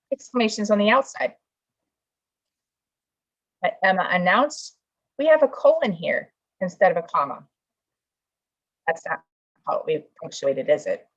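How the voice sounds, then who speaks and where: A woman's voice: medium pitch, a bit bright. A woman teacher giving an online class lesson over a video call, checking answers aloud and coaxing her students along. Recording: dull lo-fi video call audio.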